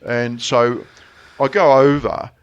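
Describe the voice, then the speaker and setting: A middle-aged Australian man chatting casually, telling a long story with many restarts and getting animated when he quotes people. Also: mid-range voice, takes it slowly, smooth, lo-fi sound. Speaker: friend sharing memories. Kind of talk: casual chat.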